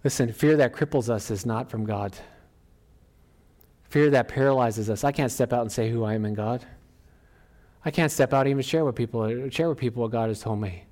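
A middle-aged male pastor preaching from the front of a church. His delivery is animated, climbing higher and louder on emphatic lines. He drops back to a quieter, conversational tone between peaks. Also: brisk. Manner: animated preaching, often rising to emphatic exclaims. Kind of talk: sermon.

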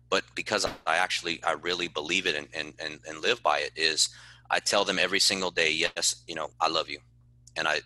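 In a dry recording, a man with a low, pushed and bright voice speaks. He's a football head coach giving a podcast interview, earnest and passionate, doubling up words for emphasis.

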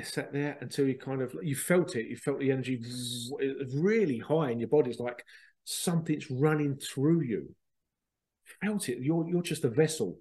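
A man, a spiritual medium, casually telling a rambling, excitable story, repeating himself and swearing now and then. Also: medium pitch. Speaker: spiritual medium and podcast host.

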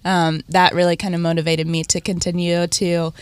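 A woman's voice: fairly low pitch, little pitch movement, moderate pace, clear, resonant tone, no room sound. A woman in her twenties from West Virginia, a retired gymnast who is a guest on a morning radio show, answering in an upbeat, polished way. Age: 20s. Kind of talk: radio interview.

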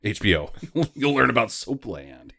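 A man's voice: fairly low pitch, very animated, a little slow, creaky, pushed and bright. A man co-hosting a casual movie-review chat, giggling often as he retells scenes with joking asides. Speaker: podcast co-host.

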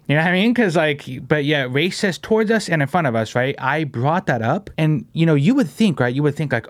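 A man hosting a casual podcast, rambling fast with lots of "bro" and "you know what I mean," slipping into mocking impressions of commenters. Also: a little high, animated, dry recording. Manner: slips into mocking voices of commenters. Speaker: podcast host.

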